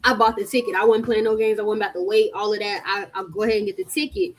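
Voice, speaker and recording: A young adult woman telling a long story to her viewers in a chatty, animated way, often calling out to them. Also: medium pitch, quick pace, low-quality recording. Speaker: vlogger.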